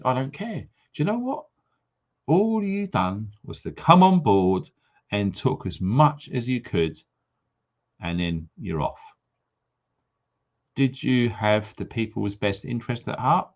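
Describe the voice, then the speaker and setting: A man hosting a livestream, ranting sarcastically and firing off rhetorical questions with indignant high jumps for emphasis. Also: sing-song, a little slow, pauses often. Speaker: livestream host. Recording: dull lo-fi stream audio.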